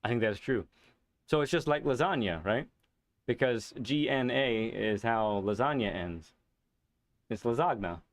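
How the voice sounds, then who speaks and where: A man's voice: medium pitch, measured pace, no echo. Laid-back man chatting on a live stream. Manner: relaxed and rambling, with many fillers and chuckles. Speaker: streamer hosting a live racing game stream. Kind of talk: casual live-stream chat with viewers.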